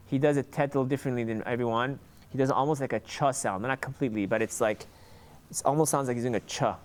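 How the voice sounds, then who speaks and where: A man giving an informal lesson on Hebrew letter sounds, sounding them out slowly and often restarting his sentences. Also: mid-range voice, clean tone. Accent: Sephardic Hebrew pronunciation. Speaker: Hebrew reading teacher.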